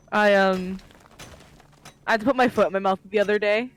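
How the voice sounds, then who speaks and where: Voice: medium pitch, a little hiss or hum. A young adult chatting on a game stream, telling stories with lots of fillers. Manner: chatty storytelling with many likes. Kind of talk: casual gaming chat.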